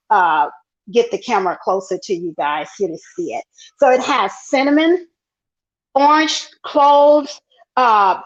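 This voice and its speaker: A woman with a Southern Texas accent, enthusiastically presenting her tea products in a chatty live demo over an earpiece. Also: dull audio. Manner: exuberant, chatty, sales pitch. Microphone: earpiece, livestream.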